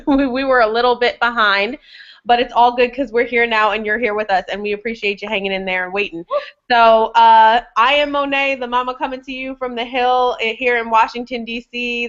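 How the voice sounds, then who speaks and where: A woman's voice: fairly high pitch, a bit bright. A woman hosting a casual video chat, chatty and laughing often. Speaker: host. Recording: dull lo-fi webcam audio.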